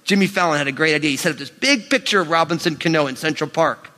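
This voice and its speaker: Man preaching, emphatic, bright ringing tone, reverberant hall. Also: on the high side, fast. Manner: animated, emphatic preaching with sudden rises and drops. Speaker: pastor. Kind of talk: sermon.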